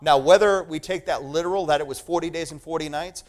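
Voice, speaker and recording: A male preacher delivering a sermon, emphatic and animated, repeating phrases for effect. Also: on the high side, quick pace.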